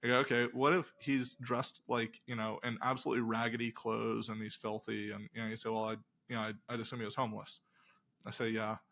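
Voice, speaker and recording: Here's a brisk, gravelly mid-range male voice that hardly pauses. The middle-aged speaker, both a pastor and a game designer, animatedly retells stories in a casual interview, performing each line of dialogue.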